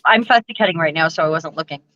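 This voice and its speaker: A woman's voice: low-pitched, fast talker, bright, forceful tone, no room sound, highs cut off. A woman co-hosting a casual crafting livestream, playful and giggly as she chats and reads comments. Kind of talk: casual chat while crafting.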